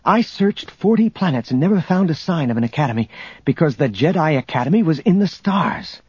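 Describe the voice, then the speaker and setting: A man's voice: on the high side, animated, brisk, a little mellow, breathy edge, no room sound, voice pushed up. A man voicing an earnest young male Jedi knight in an audiobook, on a dull lo-fi recording.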